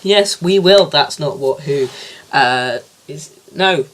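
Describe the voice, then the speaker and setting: Brief: a man doing a pompous, shouty helpline chief, pitched up high, menacing and muddled. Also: takes it slowly, slight background noise. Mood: bossy, muddled. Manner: loud, boastful, tripping over his own catchphrase. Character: blustering male leader of a helpline team.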